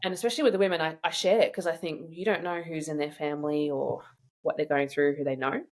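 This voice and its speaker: Chatty low-voiced woman telling stories. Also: fast. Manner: chatty, animated storyteller who laughs often. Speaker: guest sharing her own experience. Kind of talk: casual conversational interview.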